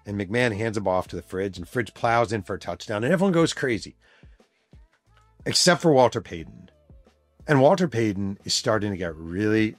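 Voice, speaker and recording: A man's voice: fairly low pitch, no room sound. A man hosting a podcast, telling a story in a casual, emphatic way with plenty of swearing. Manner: emphatic, profane, animated storyteller. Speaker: podcast host and author.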